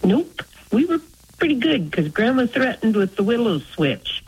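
A woman's voice: a little high, very animated, normal speed, darkish tone, breathy edge. A woman from North Dakota calling a radio show, friendly and homespun, laughing easily. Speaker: caller. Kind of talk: phone call to radio show. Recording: phone line on radio.

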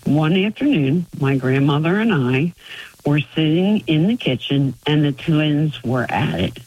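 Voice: mid-range voice, lively intonation, a little slow, poor audio. A caller from Florida telling a family story on a radio call-in show, chuckling often. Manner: storytelling, warm with frequent chuckles.

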